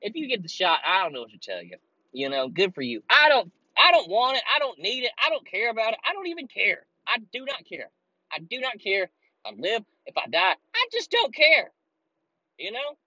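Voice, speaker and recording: His high voice swings widely in pitch, brisk, pushed and bright, as this podcast host rants profanely and ramblingly from his car. An air conditioner hums along, and the lo-fi audio has no room sound.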